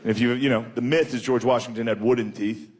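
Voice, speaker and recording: A man's voice: medium pitch, fairly even intonation, fast talker. A male stand-up comedian ranting in disbelief, with plenty of swearing. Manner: incredulous, profane rants. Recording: noisy live recording.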